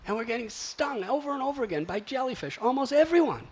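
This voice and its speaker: A man telling a story to a gathering, animated and exclamatory as he acts out the sounds. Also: extremely high pitch, quick pace, husky. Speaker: spiritual speaker.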